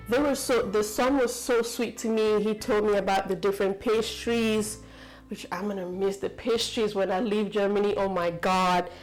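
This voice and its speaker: A woman's voice: mid-range voice, steady tone, moderate pace, soft background music, low-quality recording. A woman from the United States telling a story to camera in a chatty, rambling way, full of fillers and asides. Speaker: vlogger.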